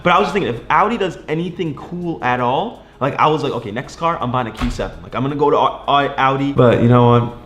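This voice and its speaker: A man's voice: medium pitch, quick pace, few pauses, fairly bright tone. A young man venting to his viewers in a casual vlog, rambling with lots of fillers. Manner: rambling, lots of likes and you knows; frustrated then upbeat. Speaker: vlogger. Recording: echoey room.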